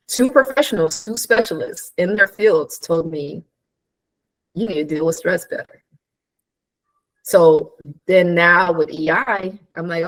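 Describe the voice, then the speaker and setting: A woman in casual chat, telling stories with animated energy, acting out quoted dialogue, laughing often and asking rhetorical questions. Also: lowish voice, unhurried, pauses often, rough recording.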